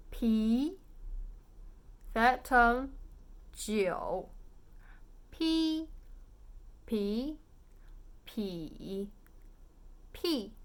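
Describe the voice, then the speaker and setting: A woman with a fairly high voice teaches a beginner language class. She talks slowly and patiently and repeats each sound in drills so learners can copy it. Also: fairly bright tone, smooth. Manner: patient, drills tones aloud.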